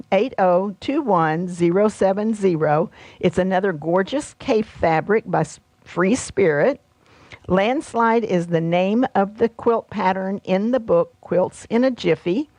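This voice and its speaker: A woman's voice: mid-range voice, darkish tone, dry recording. A middle-aged woman presenting her quilt patterns and fabrics in a chatty, homey way, with fillers and friendly asides. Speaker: quilt designer and shop host. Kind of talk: casual product walkthrough.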